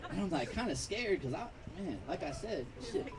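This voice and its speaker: A man's voice: high-pitched, sing-song, moderate pace, recorded from a distance, heavy background noise. A man from Long Beach doing a profane, story-driven stand-up set at an outdoor backyard patio show. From Long Beach, California. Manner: profane, storytelling, acts out characters. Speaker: stand-up comedian. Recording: crowd laughter, mic heard from afar.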